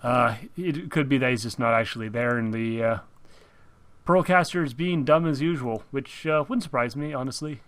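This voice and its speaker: A man's voice: medium pitch, moderate pace, a bit bright, no room sound. A man hosting a casual chat show, talking in a playful put-on Minnesotan accent with many fillers. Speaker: podcast host.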